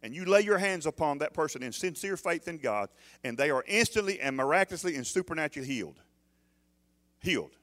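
A man's voice: a little high, expressive, a little fast, a bit bright. A man preaching a sermon as pastor, emphatic, often putting questions to the congregation.

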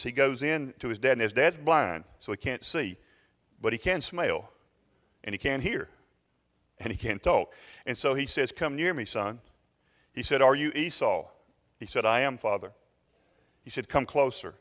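A pastor, telling a story and building to loud, fervent preaching in a sermon. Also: male voice, medium pitch, long reverb tail.

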